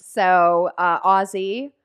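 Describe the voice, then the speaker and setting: A woman co-hosting a casual podcast chat about a movie, animated, laughing often and swearing casually. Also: fairly low pitch, very slow, clear, resonant tone. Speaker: podcast co-host.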